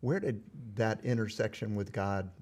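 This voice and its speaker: Male host, lowish voice, sympathetic, affirming, conversational interview. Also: moderate pace, darkish tone.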